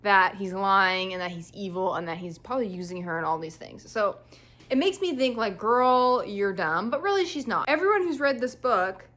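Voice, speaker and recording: A young woman chats to camera about what she is reading, casual and animated. She leans on "like" and slips into playful mock quotes of the characters. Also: medium pitch, moderate pace. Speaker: book vlogger.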